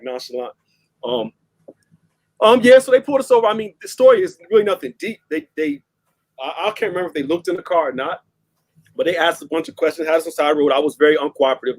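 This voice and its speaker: A young man telling a story in a casual chat, full of fillers and restarts and laughing often. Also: fairly high pitch. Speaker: discussion panelist.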